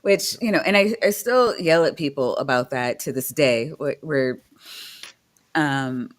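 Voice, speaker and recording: An adult guest rambling through a casual chat, voice sitting at an ordinary middle pitch. They wander off topic, restart sentences and pad them with fillers. Mild swearing drops in naturally. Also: a little slow, fairly bright tone. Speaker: guest on a debunking show.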